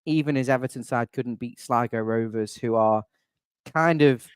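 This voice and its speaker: A young man hosts a casual fan podcast, chatting in a loose, wry way and wandering off into asides. His pitch sits in the middle range. The voice is close and dry, with no room echo. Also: moderate pace, smooth. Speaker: channel admin and host.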